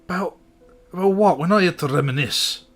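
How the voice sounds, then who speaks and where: A man voicing a gruff, suspicious male dwarf in a Scottish accent, curt and dismissive with old-fashioned wording, in improvised tabletop role-play. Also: high-pitched, a little fast, faint music behind, voice pushed up.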